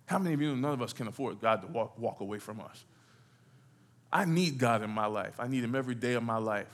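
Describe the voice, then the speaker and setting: Speaking fast at a medium pitch, a middle-aged man preaches from a church sanctuary. His sermon is built on call and response: he asks the congregation things and holds for their answers.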